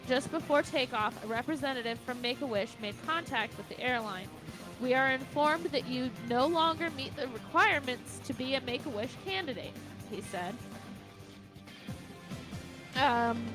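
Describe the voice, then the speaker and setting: High-voiced woman co-host reading news. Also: measured pace, music in the background, low-quality recording. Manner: stumbles and restarts while reading. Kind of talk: reading a news story aloud on a radio show.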